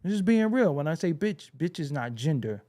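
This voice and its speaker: A man's voice: on the high side, very animated, moderate pace, dark tone. A middle-aged man hosting his own show, ranting bluntly and profanely in a streetwise way and mimicking other people's phrases to mock them. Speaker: show host. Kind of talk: casual commentary rant.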